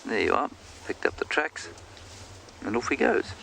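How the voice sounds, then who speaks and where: A man working as a safari guide, giving calm, explanatory live commentary outdoors in the bush. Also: medium pitch, moderate pace, vocal fry. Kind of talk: live game-drive commentary. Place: outdoors in the bush on a game drive. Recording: outdoor ambience noise.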